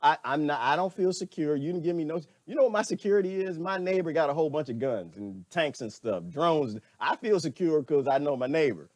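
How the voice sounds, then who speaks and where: Animated man ranting on a livestream. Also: a little high, a little fast, few pauses, no room sound. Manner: animated, laughing, talks back to chat comments. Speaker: livestream host. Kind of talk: casual livestream rant.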